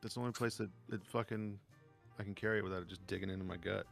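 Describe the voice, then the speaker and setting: A man co-hosting a podcast, telling stories in a casual, profane, animated way. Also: low-pitched, racing, gravelly, faint music behind. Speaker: podcast co-host. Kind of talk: casual storytelling chat.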